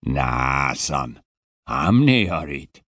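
Gruff, impatient Scottish guard, audiobook, narrator voicing him, very deep and husky. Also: male voice, big pitch swings, drawn-out words, a bit bright, no room sound, studio quality, full character voice. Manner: gruff, impatient, broad dialect. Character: squat grumpy male Scottish security guard.

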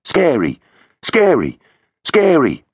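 A man's voice: mid-range voice, sing-song, normal speed, slightly rough, no echo, voice pushed up. A man voicing a wary, sceptical young boy who protests in a raised, strained voice, in a children's audiobook. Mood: reluctant.

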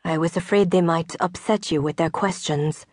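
A woman's voice: fairly low pitch, moderate pace, darkish tone, no echo, studio quality, close to an everyday voice. A woman voicing a direct, earnest French farm widow under forty in an audiobook.

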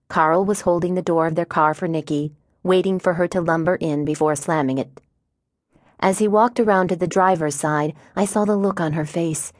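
A woman with a low voice reads a novel aloud in first person. Her storytelling is measured and wry. The recording is dry and close, with no room sound. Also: no room sound. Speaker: audiobook narrator. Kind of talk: scripted first-person narration.

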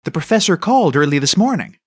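A man voicing a firm but gentle mother in an audiobook, speaking in a dryly teasing way. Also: fairly high pitch, sing-song, fast talker, slightly rough, dry recording.

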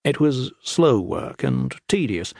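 A man narrating an epic fantasy audiobook in a measured, grave manner. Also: mid-range voice, expressive, vocal fry, a little mellow, dry recording, clean studio sound. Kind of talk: scripted narration.

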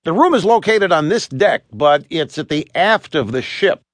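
Man playing a storybook pilgrim leader, friendly, explanatory, lively pitch, dry. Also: moderate pace, no echo. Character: kindly adult male pilgrim leader. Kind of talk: audiobook character voice.

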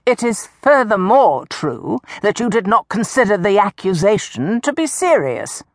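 A woman voicing a pompous village chaplain who speaks slowly and solemnly. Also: mid-range voice, sing-song, no echo, studio quality, pitched above the performer's own voice. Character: pompous double-chinned village chaplain man.

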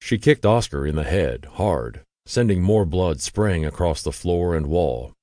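A man reading a true-crime audiobook in steady, expressive scripted narration on a close studio mic. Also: low-pitched, unhurried, no room sound.

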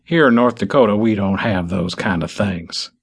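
A male narrator voicing a plainspoken old rural farmer who talks in a slow, folksy drawl. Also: fairly low pitch, gravelly, slightly rough, pitched below the performer's own voice.

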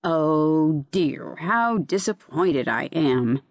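A woman voicing a male zoophyte that is touchy and easily let down, murmuring in a low, plaintive voice. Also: lively intonation, moderate pace, a little mellow, no room sound, clean studio sound. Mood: disappointed.

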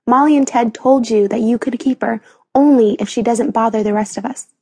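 A woman reading an audiobook, voicing a thoughtful, patient boy in a mild, measured way. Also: on the high side, dark tone, slightly rough, no room sound. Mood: calm.

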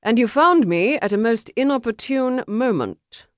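A woman voicing a cool, dry-witted gentleman hero who speaks with restraint. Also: mid-range voice, very animated, slow, no echo, voice pushed up.

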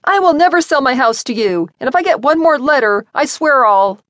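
A woman narrator voicing a fiery young woman homeowner who makes forceful demands in an audiobook. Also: mid-range voice, big pitch swings, moderate pace, no room sound, studio quality, voice pushed up, lightly acted. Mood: angry.

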